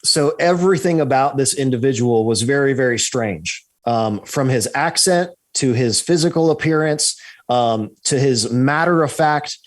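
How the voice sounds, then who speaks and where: A man, a guest on a podcast, telling a story in a lively way, often checking in with "right?" and restarting his sentences. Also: mid-range voice, normal speed. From United States. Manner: animated, repeats "right?" and restarts. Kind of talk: storytelling in an interview.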